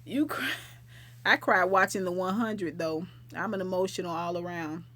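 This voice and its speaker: A woman's voice: lowish voice, normal speed, fairly bright tone. Chatty woman on a late-night livestream. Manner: chatty, affectionate, rambling. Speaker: livestream host. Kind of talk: casual livestream chat.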